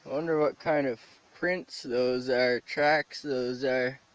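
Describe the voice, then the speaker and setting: A man's voice: mid-range voice, steady tone, slow pace, rough recording. A man vlogging outdoors in winter. He thinks aloud while hiking and shivers from the cold. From Canada. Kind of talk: casual narration while filming. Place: outdoors by frozen waterfalls in winter wind. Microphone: handheld camera mic. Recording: windy outdoor camera audio.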